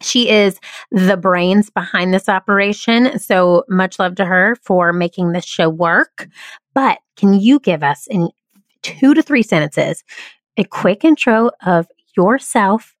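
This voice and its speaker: A woman's voice: mid-range voice, unhurried, dry recording. A woman hosting a podcast, talking in an upbeat, effusive way as she welcomes her guest. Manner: enthusiastic, effusive. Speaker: podcast host.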